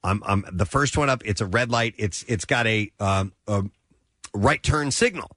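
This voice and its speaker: A middle-aged man, co-hosting a show and telling a story in a casual, animated way. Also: fairly low pitch, moderate pace, dry recording, studio quality. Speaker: radio show co-host. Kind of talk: casual chat.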